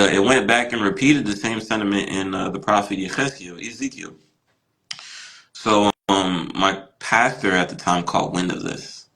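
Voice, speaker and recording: Bright-voiced man telling a lively story. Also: poor audio. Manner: animated, acts out quoted voices with big pitch jumps; frequent fillers like "you know" and "right". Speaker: podcast guest. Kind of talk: casual storytelling.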